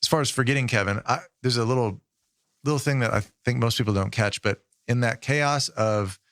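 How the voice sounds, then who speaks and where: A man in his thirties co-hosting a podcast, explaining things in a measured, casual way with frequent ums. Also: mid-range voice, fairly bright tone, no echo, studio quality. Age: 30s. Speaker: podcast co-host. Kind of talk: casual chat.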